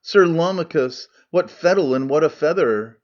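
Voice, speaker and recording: A man's voice: a little high, lively intonation, normal speed, darkish tone, highs cut off, close to an everyday voice. A man reading as a wily defiant Athenian farmer. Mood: cowering. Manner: declaiming rhyming verse. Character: wily defiant male Athenian farmer arguing his case.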